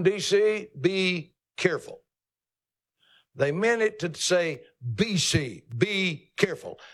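A man preaching a sermon in a folksy, dramatic and teasing way. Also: on the high side.

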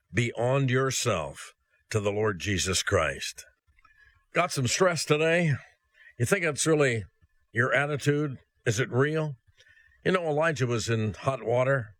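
Male radio preacher, middle pitch, earnest and folksy, dry close mic. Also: fairly bright tone, no room sound. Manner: earnest, direct address to listener; rhetorical questions, folksy asides. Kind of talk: short radio sermon.

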